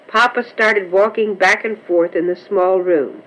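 A woman reading a children's story aloud in a gentle, measured way. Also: medium pitch, steady tone, low-quality recording. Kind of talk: storybook narration.

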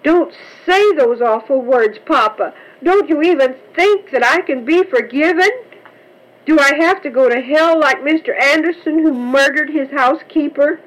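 A woman's voice: high-pitched, moderate pace, pitched above the performer's own voice, natural voice, rough recording. A woman voicing a tearful little girl under ten who pleads with her father. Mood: pleading. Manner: pleading, sobbing.

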